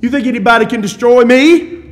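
Man, preacher, high voice, fervent sermon, shouts and hushed asides, folksy humor. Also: brisk. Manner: chuckles and folksy humor between points. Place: church.

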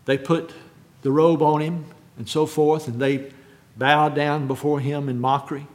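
A man preaching a sermon, rising to loud, fervent repetition and then dropping to quiet, measured reading of scripture. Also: fairly high pitch, flat delivery. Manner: builds to shouted quotes, then drops to hushed reading.

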